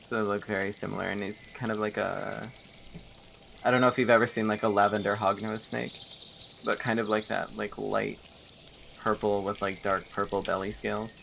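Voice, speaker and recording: British guy playing d&d, gravelly lowish voice, laid-back and jokey. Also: level tone, normal speed, a bit bright, slight background noise. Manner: laughs often, casual and playful. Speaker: player. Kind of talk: playing a tabletop game.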